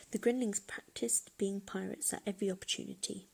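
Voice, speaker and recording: Woman, storybook read-aloud, gentle, breathy, middle pitch. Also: fairly quick, hardly any pauses. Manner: gentle expressive reading.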